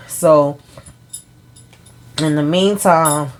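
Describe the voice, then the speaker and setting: A woman's voice: low voice, steady tone, a little slow, a little mellow. A woman casually recapping a TV episode, chatty and full of fillers, retelling scenes line by line. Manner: forgetful of names, laughs at herself. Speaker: TV recap vlogger.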